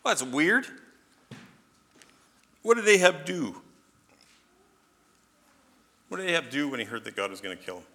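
A man teaching the Bible in an animated sermon, asking rhetorical questions and often checking in with "okay?". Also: fairly high pitch, measured pace, pauses often.

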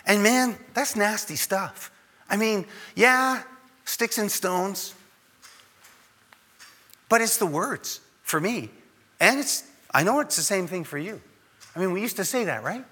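A man's voice: sits high, expressive, a little slow, pauses often, pushed and bright, slightly rough, in a large hall. A man preaching a sermon in a conversational way, acting out the voices of the people he quotes. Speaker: pastor.

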